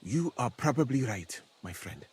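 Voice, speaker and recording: An actor playing a calm, learned foreign physician in a camp, speaking in a measured, courteous way. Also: male voice, mid-range voice, slight background noise, natural voice. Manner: measured, courteous, softly spoken. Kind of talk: video game dialogue.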